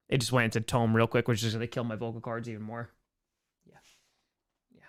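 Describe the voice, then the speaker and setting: A man with a hoarse, worn-out voice hosting a casual live Q&A, joking and rambling as he reads chat questions. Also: medium pitch, level tone, fast, long pauses. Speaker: live stream host answering chat.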